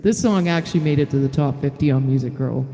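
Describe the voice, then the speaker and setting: A woman's voice: a bass voice, fast talker, warm tone. A middle-aged woman, a singer-songwriter, chatting frankly and telling a story on a live stream. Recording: reverberant room with faint guitar.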